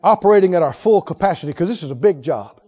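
Animated high-pitched male preacher. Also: fast, husky, highs cut off. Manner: emphatic, repeats key phrases, swings from loud to soft. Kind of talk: sermon.

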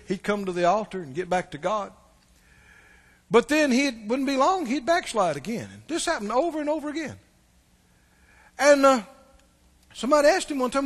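A man with a very high voice preaches a sermon in a hall with a long reverb. He tells stories and swings between loud passages and hushed asides. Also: sing-song, normal speed, long pauses. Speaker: pastor.

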